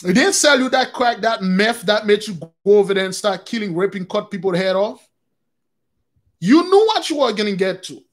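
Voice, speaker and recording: A man's voice: high-pitched, expressive, normal speed. A man hosting a casual spiritual talk, rambling and repeating himself as he keeps calling his listeners brothers and sisters.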